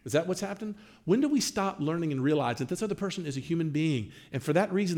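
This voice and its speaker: Male pastor, teaching a class. Animated delivery, lively and on the high side. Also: quick pace, few pauses. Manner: animated, acts out quoted dialogue.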